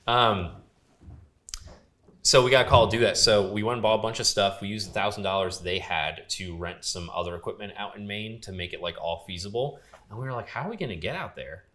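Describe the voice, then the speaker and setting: A man's voice: fairly low pitch, fairly even intonation, a little fast, pushed and bright. A young man casually telling a long story as a podcast guest, full of fillers and quoted dialogue. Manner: laid-back, lots of fillers, quoting others. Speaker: podcast guest, grip and gaffer.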